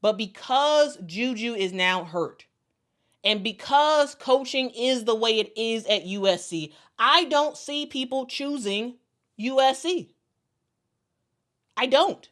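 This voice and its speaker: Here a woman with a mid-range, fairly bright voice chats through a basketball game. She reads out what viewers write and emphatically repeats herself for stress.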